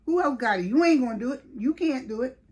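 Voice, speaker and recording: A woman's voice: high-pitched, fast. A middle-aged woman, casually telling a story in a vlog and acting out the voices of people she quotes. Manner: animated, lively retelling with quoted voices and laughs. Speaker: vlogger.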